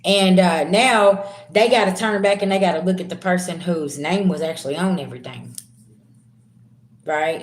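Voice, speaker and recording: A woman reading tarot on a live stream, slangy and chatty, calling her viewers "babies" and swinging from low murmurs to loud, excited bursts. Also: a little hiss or hum. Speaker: tarot reader. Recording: roomy echo.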